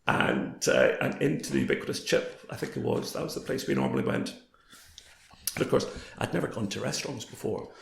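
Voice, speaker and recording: Hoarse, gravelly man. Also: mid-range voice, moderate pace. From Scotland. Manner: anecdotal, quoting others in lively voices. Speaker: guest, former broadcaster. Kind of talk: storytelling in a casual interview. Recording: roomy echo.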